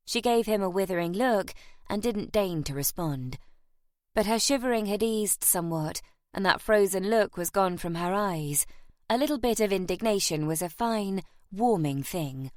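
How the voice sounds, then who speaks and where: A female audiobook narrator reads a romance novel from a script, telling the story in a measured, even way. Her pitch is medium, and the recording is clean studio sound with no echo.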